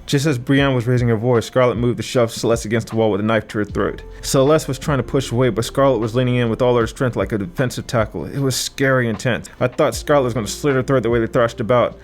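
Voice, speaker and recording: A man reading a first-person thriller audiobook with vivid, dramatic delivery. His voice sits at an ordinary male pitch. Soft background music runs faintly beneath the narration. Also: fast, hardly any pauses.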